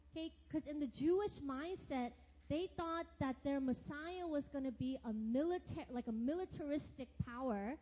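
A high-pitched, mellow-toned woman leads a casual Bible lesson, chatty and upbeat, forever checking in with okay. She is middle-aged. The sound is dull and lo-fi, with a long reverb trailing her words. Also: normal speed. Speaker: Bible study teacher. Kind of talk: casual Bible teaching with scripture reading.

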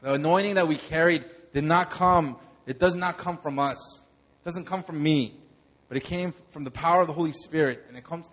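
A young man, a pastor, telling a lively sermon testimony and acting out the moments in his story. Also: on the high side. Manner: animated storytelling, acts out shouts.

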